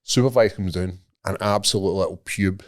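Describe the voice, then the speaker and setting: A man's voice: low voice, a little fast, no room sound, studio quality. Sweary Scottish man telling a story. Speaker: podcast co-host. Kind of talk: casual storytelling chat.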